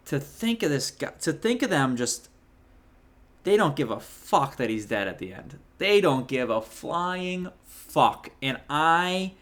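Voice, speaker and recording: A man's voice: mid-range voice, bright, forceful tone. A man in his thirties giving a casual, rambling movie review rant, swearing a lot and restarting his sentences often. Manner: heated, profane, rambling with many restarts.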